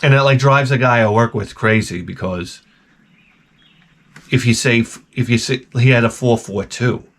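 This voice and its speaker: A man hosting his own video, telling a rambling, profane story in an animated, casual way. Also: mid-range voice, normal speed. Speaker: video host.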